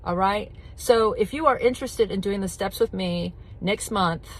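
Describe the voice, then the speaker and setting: At normal speed and medium pitch, a middle-aged woman delivers a casual to-camera talk on addiction recovery. Direct and blunt, she hammers points through repetition and drops the occasional swear word.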